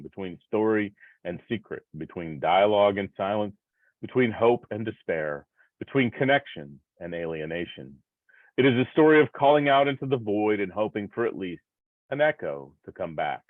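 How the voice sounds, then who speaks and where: A man in his sixties with a low voice reads his own essay aloud, slow and reflective, leaning on rhythmic repetition. The sound is thin and phone-like, with no room around it. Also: no room sound. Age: 60s. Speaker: professor presenting a paper. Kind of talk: reading a personal essay aloud. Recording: tinny phone-like line, dry.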